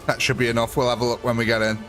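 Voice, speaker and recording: A man's voice: medium pitch, flat delivery, rapid-fire, a bit bright, soft background music. A young man chatting through a live gameplay stream, thanking viewers and talking through his choices.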